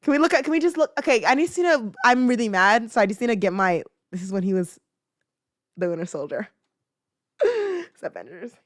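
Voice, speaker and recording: A woman in her twenties hosting a casual podcast, rambling emotionally and swinging from loud outbursts to low muttering. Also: animated, brisk, long pauses, dry recording, studio quality. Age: 20s. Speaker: podcast host. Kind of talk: casual ranting chat.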